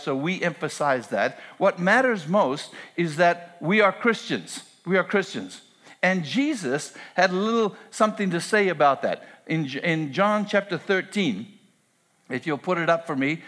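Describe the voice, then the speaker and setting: A man delivering a church sermon in a somewhat high voice. He speaks earnestly, repeating key phrases for emphasis as he preaches. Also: fairly bright tone. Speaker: pastor.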